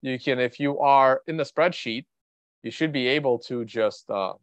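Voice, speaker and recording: A Russian trader hosting an informal market livestream thinks out loud, rambling in a blunt, offhand way. He speaks at normal speed in a mid-range voice. There's no echo, and the sound is dry and a bit dull.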